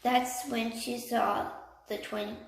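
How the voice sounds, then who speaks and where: A woman reading a children's book aloud, slowly, with slips and restarts. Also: a little high, flat delivery, vocal fry. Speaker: reader. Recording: echoey room, far from mic, faint noise.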